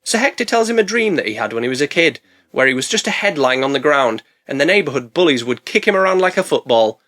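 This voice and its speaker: Man, comedic film recap, bright tone, lively pitch, dry punning asides. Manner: sarcastic, punning, deadpan asides. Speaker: film reviewer.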